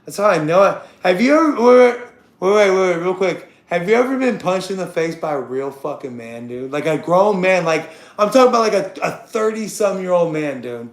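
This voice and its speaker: Ranting fairly quickly on an unscripted livestream, the high-voiced host gets loud and crude as he trash-talks a chatter. He's confrontational and excitable, saying the same things over again, with an echoey room sound.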